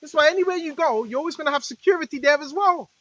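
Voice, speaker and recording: A woman's voice: high voice, quick pace, highs cut off. A woman preacher in a rambling spiritual monologue, repeating herself and firing rhetorical questions at her listeners. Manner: talks straight to listeners, now and then shouting rebukes at spirits.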